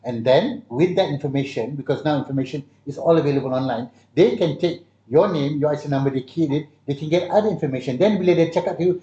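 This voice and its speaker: A man's voice: fairly high pitch, fast talker, few pauses, mellow. A man with a Malaysian English accent, chatting casually and telling stories, slipping Malay words into his English. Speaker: guest. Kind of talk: casual chat. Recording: muffled, echoey room.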